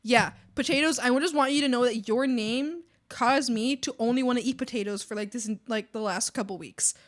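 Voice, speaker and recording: A woman's voice: on the high side, brisk. A woman streamer chatting casually with her viewers while she draws, playful and theatrical as she thanks them. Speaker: art streamer.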